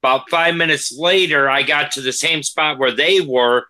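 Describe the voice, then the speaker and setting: A man's voice: fairly high pitch, normal speed, pushed and bright. A man, a paranormal investigator, telling ghost stories in a matter-of-fact way during a casual livestream chat.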